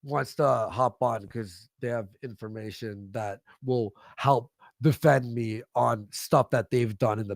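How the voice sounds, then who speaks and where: A man appearing as a livestream guest shouts angry, profane insults during a heated rant. His voice is mid-range with vocal fry. There's no echo, and the sound is studio quality.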